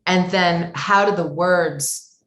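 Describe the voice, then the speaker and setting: A woman's voice: fairly low pitch, slow, fairly bright tone, roomy sound. A woman voice actor talking as an interview guest, thoughtful and circling back with many asides. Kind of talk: conversational interview talk.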